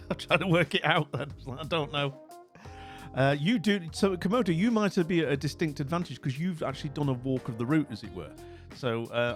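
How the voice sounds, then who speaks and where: A middle-aged man hosting a livestream, chatting casually and jovially with viewers and rambling through lots of fillers. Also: medium pitch. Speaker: livestream host. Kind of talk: casual chat with live viewers.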